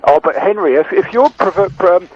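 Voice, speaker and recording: A man with a high voice speaks over a muffled phone line into a radio phone-in. He is polite and formal, with a mildly indignant edge. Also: animated, normal speed. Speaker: caller.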